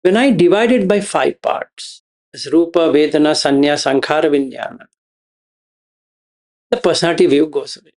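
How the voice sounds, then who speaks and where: A man, explaining a meditation teaching to students in a slow, repeating, questioning way. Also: a little high, a little mellow. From India. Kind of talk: dharma talk to students.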